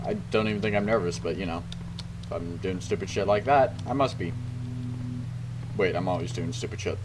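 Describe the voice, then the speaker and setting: A man with a lowish voice gives rambling, self-mocking commentary while he plays a horror game. He swears constantly and sounds jittery. Game sounds play clearly behind him. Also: normal speed, pauses often, noisy background. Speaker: gaming video host.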